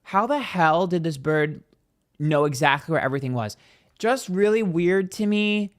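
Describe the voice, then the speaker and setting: A man's voice: fairly high pitch, expressive, normal speed. A man in casual vlog chat, telling a story with lots of "like" and acted-out reactions. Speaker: tarot reader and YouTuber.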